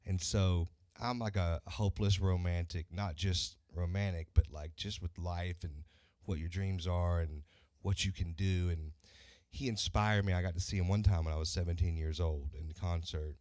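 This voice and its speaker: Deep, low-pitched male country singer, lively storyteller, close dry studio sound. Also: no echo. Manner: animated storyteller acting out quoted voices. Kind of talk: casual interview storytelling.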